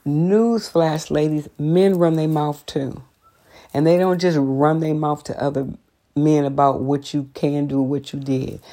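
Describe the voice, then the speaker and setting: A woman, telling a workplace story to her viewers in a chatty, sassy, sidetracked way, jumping high for emphasis. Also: fairly even intonation, unhurried, dark tone. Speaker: vlogger.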